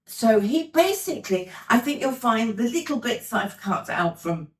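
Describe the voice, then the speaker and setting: A woman's voice: on the high side, very animated, moderate pace, roomy sound. An older woman chatting casually in her home vlog, talking to her viewers in a friendly, self-deprecating way. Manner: chatty, warm-hearted, a little self-deprecating. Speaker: lifestyle vlogger. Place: at home indoors.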